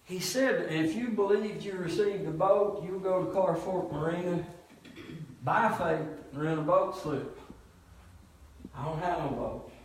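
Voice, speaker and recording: A pastor preaching, telling a story with loud emphatic shouts and low, quiet asides. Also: male voice, a little slow, slight background noise. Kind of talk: sermon storytelling. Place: church. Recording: echoey church hall from far off.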